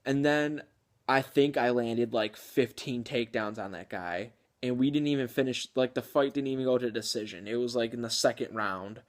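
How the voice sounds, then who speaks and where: A man's voice: medium pitch, normal speed. A man talks through his gaming stories in a loose, rambling way. He fills his sentences with filler words, restarts often and chuckles between points. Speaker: gaming channel host. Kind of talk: casual video game commentary.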